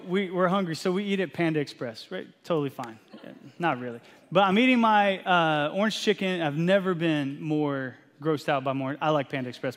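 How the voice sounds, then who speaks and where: A man in his thirties from Texas, a pastor preaching a sermon and telling an animated, self-deprecating family story. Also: on the high side, a little hiss or hum. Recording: long hall reverb.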